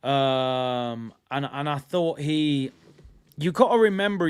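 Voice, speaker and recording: Animated man arguing a football call. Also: on the high side. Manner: animated, repeats himself, argues with chat. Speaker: football watch-along host. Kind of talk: casual live match commentary.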